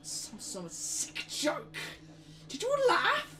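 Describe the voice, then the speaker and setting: A woman's voice: high-pitched, huge pitch swings, takes it slowly, sharp tone, recorded from a distance, pitched above the performer's own voice, full character voice. A woman voicing a haggard, horned female hag who cruelly taunts a captive with spiteful rage. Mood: taunting rage.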